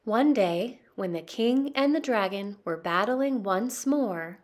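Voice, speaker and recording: A woman interpreter giving a voice-over of a children's storybook, telling it slowly and dramatically. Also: medium pitch. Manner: slow, expressive, dramatic storytelling. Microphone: studio voice-over.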